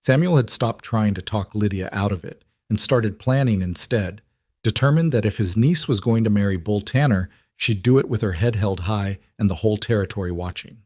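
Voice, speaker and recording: A man narrating a story in a steady, measured reading. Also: on the low side, no echo, clean studio sound.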